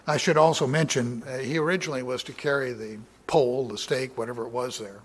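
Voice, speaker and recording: A man giving a Bible study sermon, reading verses aloud with raised emphasis and explaining them in a loose, conversational way with many fillers and some throat clearing. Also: mid-range voice, fairly even intonation, fast. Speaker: Bible teacher.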